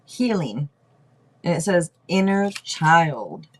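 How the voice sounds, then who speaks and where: A woman's voice: on the low side, sing-song, takes it slowly, a little hiss or hum. A woman hosting a casual livestream tarot reading, chatty, thinking aloud and laughing often. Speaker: tarot reader host.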